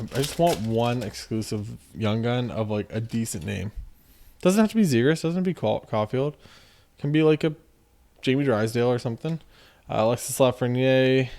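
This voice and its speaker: A man hosting a card-opening video, chatting casually and joking as he reads off names in quick runs. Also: mid-range voice, darkish tone. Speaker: card-opening channel host. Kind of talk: casual commentary while opening card packs.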